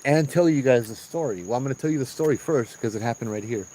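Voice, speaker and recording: A man's voice: mid-range voice, quick pace, dark tone, a little hiss or hum, rough recording. A man guiding a night ghost tour on an outdoor trail, telling stories animatedly and acting out what people said, with frequent restarts. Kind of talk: storytelling on a walking ghost tour.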